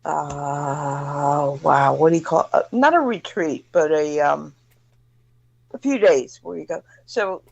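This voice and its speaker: Gravelly, halting woman on lo-fi audio. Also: low voice, a little mellow. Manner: halting, searching for words. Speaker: guest. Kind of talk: casual talk-show chat. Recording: dull lo-fi audio.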